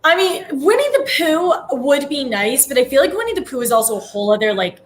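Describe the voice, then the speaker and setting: Woman cohost, chill and agreeable, kinda high voice. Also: sing-song, a little fast, a little hiss or hum. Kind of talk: casual chat.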